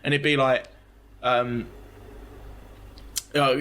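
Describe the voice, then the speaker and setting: A man's voice: fairly high pitch, expressive, fast, a bit bright. A man, a former wrestler, telling rambling, funny anecdotes in a casual podcast chat. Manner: rambling anecdotes with many restarts and laughs.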